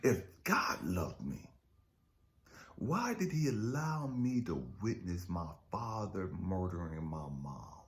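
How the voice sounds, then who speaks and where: Brief: man, spiritual coach, raw profane testimony, voice leaping all over, loud to whispered. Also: on the low side. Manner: raw, profane and intense, swinging from shouts to whispers. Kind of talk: emotional personal testimony.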